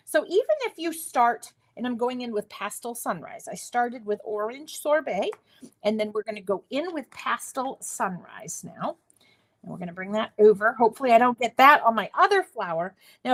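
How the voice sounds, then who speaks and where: A woman hosting a live crafting demonstration, chatty and self-deprecating, laughing at her own slips. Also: on the high side. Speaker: crafting host.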